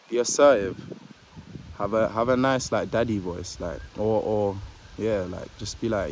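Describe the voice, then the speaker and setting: A man's voice: fairly low pitch, moderate pace. A young man giving casual advice to the camera outdoors in a park. He rambles, fills gaps with "like", and stammers a little. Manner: rambling, filler-heavy, says "like" a lot; a little jittery, stammers on words. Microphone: phone or camera held facing him. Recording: outdoor street noise with passing traffic.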